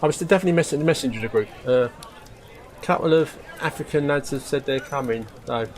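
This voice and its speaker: A man hosting a casual live stream, his voice sitting at an ordinary middle pitch. He chats in a rambling, chummy way, calls his viewers mate, and keeps losing his thread. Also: a little fast. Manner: forgetful, loses his thread.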